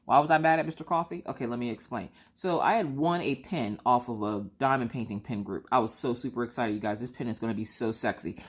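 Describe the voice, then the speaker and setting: A woman in her thirties chatting casually while crafting, telling stories and squealing high when she acts out her own quotes. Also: fast, hardly any pauses, husky. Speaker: crafting vlogger.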